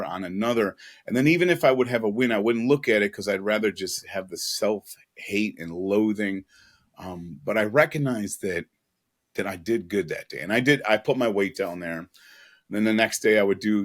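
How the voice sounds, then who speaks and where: A man telling an earnest, emotional personal story as a podcast guest, with casual asides. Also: lowish voice.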